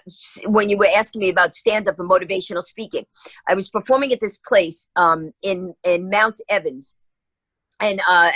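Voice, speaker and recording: A woman from New York, guesting on a radio interview, tells animated stories and acts out the voices of the people in them. Her medium-pitched, lively voice comes through a rough recording with no echo.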